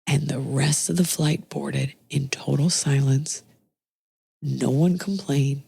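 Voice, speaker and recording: A woman with a low-pitched voice hosts a casual podcast chat. She tells her stories with energy and slips into other voices for the people she quotes. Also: slow pace, gravelly, husky. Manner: animated, acts out quotes in shifting voices. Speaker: podcast host.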